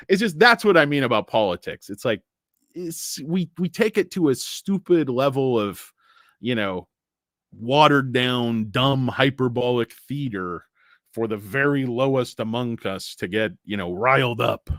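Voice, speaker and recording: Very animated, in a mid-range voice at normal speed, a man hosts a stock market livestream and rants casually. He offers blunt, profane takes and rambling asides full of fillers, recorded in studio quality with no echo.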